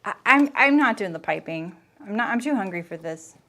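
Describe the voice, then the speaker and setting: A woman's voice: medium pitch, lively intonation, a little fast, sharp tone. Chatty woman sewing and thinking aloud. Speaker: sewing livestream host. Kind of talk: casual chat while sewing.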